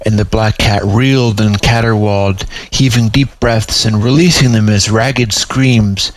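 A man reading aloud his own story in a measured, even storytelling manner. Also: on the low side, no room sound, poor audio.

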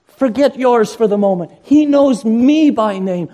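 A man's voice: very high-pitched, animated, a little slow, dark tone. An older man preaching a sermon as pastor, earnest and rising to impassioned emphasis.

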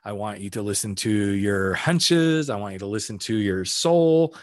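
A man's voice: lowish voice, expressive, normal speed, no room sound. A middle-aged man hosting his own podcast, coaching listeners through numbered steps in a casual, plainspoken way with the odd swear word. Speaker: podcast host, life coach. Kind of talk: solo podcast talk.

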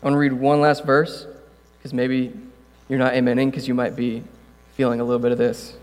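A male pastor giving a casual sermon, talking conversationally with jokey asides and building to loud, passionate preaching. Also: medium pitch, little pitch movement, a little fast. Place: church room. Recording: long hall reverb, mains hum.

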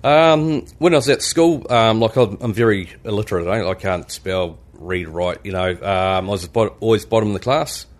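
A man's voice: fairly low pitch, moderate pace, hardly any pauses. A man from New Zealand with a New Zealand accent, a landscaper guest on a podcast, laid-back and self-deprecating. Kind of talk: casual podcast interview. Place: studio.

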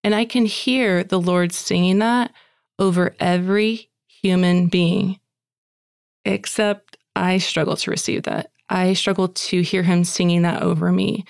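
A woman giving a chatty, animated personal faith testimony at a women's gathering, acting out dialogue and saying "like" often. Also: fairly low pitch, a little slow, creaky, clean tone, no room sound, studio quality. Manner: heavy use of "like" as filler. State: tearful at moments.

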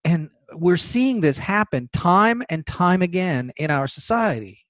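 A man from the United States holds forth on his podcast, turning sarcastic and animated and hammering home his points by saying them twice. His voice sits high for a man. The recording is dry and close, with no room sound. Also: a little slow, dry recording. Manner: animated, sarcastic, repeats phrases for emphasis. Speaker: podcast host. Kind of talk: opinion podcast monologue.

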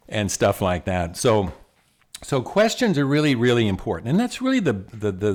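A man's voice: on the low side, darkish tone. An older man giving a casual, folksy talk about the mind, often repeating words and chuckling. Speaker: speaker on self-talk and the mind.

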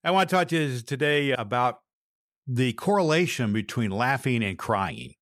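A man's voice: fairly low pitch, no echo, clean studio sound. A man in his sixties, a retired pastor, hosts a podcast and talks in an earnest, storytelling way with frequent restarts. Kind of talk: casual podcast monologue.

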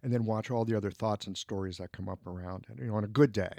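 A man's voice: on the low side, fast, creaky, darkish tone, no room sound, clean studio sound. A man co-hosting a podcast, talking in a thoughtful, searching way in casual reflective conversation, acting out his inner voice now and then. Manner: thoughtful, searching, with restarts and acted-out inner quotes. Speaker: podcast co-host.

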